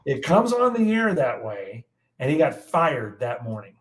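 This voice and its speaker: A man in his sixties from the United States, a guest meteorologist telling animated stories in an interview and acting out the quotes. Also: medium pitch, measured pace, poor audio. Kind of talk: storytelling in an interview.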